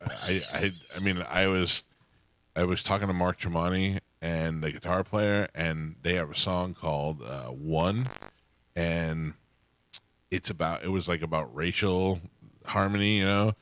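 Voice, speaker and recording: A man's voice: sits low, a little slow, a bit bright, no room sound. A man hosting a radio show, telling rambling self-deprecating stories in casual studio chat and laughing often.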